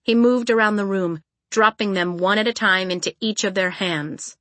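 A woman reads an audiobook in an even, measured storytelling manner. Her voice sits at a middling pitch. The recording is dry and close, with no room sound. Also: no echo. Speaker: audiobook narrator. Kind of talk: scripted narration.

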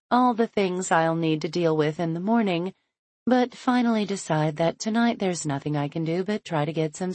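A woman's voice: on the low side, darkish tone, no room sound. A woman narrating a first-person romance audiobook in an intimate, playful storytelling manner.

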